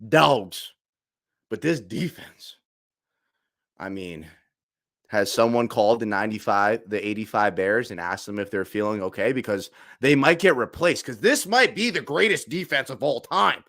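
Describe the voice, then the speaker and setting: A man in his twenties, a sports fan streamer ranting emotionally to his chat, swinging from shouts to hushed murmurs. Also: on the low side, lively intonation, normal speed. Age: 20s. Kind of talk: excited casual fan rant.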